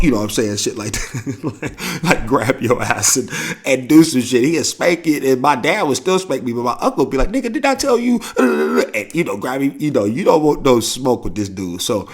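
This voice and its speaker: A mid-pitched man with a St. hosts a podcast and tells stories casually and profanely. His pitch swings widely as he acts out the people he quotes. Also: a little fast, slightly rough. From St. Louis, USA. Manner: animated, profane storytelling with quoted voices and laughs. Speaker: podcast host. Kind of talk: casual storytelling.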